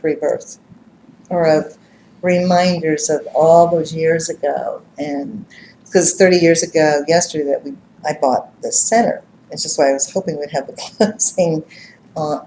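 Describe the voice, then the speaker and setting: A middle-aged woman with a lowish voice tells stories to a live group in a casual, animated way, laughing and acting out what others said. She sounds roomy and echoey, with a faint ambience hum behind her. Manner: animated, laughs and acts out quotes. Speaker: psychic reader and speaker. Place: live-streamed gathering room.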